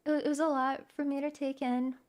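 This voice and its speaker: Soft, reflective high-voiced woman. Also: level tone, brisk. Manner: soft, reflective, hesitant with restarts. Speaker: streamer. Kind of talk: personal talk to viewers.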